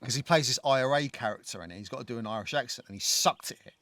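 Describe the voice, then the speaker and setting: A man co-hosting a casual film podcast, his voice sitting in an everyday middle pitch. He rambles, restarts sentences and swears freely. The recording is dry and close, with no room sound. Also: very fast, sharp tone, no room sound. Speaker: podcast co-host.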